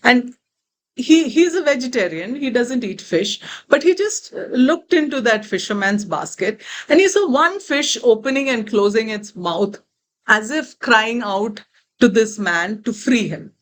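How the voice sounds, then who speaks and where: A woman's voice: on the high side, measured pace. Indian woman telling a spiritual story. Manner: lively retelling with many asides. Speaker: spiritual teacher.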